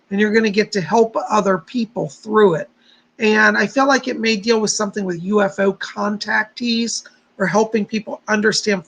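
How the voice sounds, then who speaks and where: A man hosting a casual psychic livestream, with a gravelly, husky voice. He greets viewers by name in an easygoing, chatty way. He also leads a meditation and gives quick readings. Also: high voice, fairly bright tone, low-quality recording.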